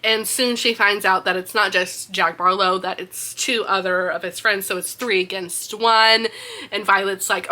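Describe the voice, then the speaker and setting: A young woman hosting a book podcast, excitedly recapping a fantasy novel in a casual, animated storytelling manner. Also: medium pitch, normal speed.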